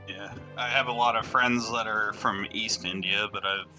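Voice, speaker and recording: A quiet man chatting offhandedly on a game stream. His voice is low and very sharp and tense, with soft music faintly underneath. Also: steady tone, moderate pace, low-quality recording. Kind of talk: casual chat.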